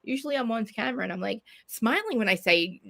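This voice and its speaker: A quick-talking woman, loud and blunt, swearing freely as she hosts a casual podcast. Her voice has a gravelly edge and sits close and dry on the mic. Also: fairly high pitch, expressive, dry recording. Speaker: podcast host. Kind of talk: casual live podcast chat.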